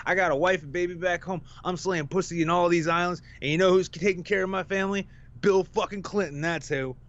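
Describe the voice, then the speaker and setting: A man's voice: high-pitched, fairly even intonation, fairly quick, fairly bright tone, dull audio, pitched above the performer's own voice. A man voicing a friendly, cocky young male sailor who talks in laid-back, boastful bro slang. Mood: bragging.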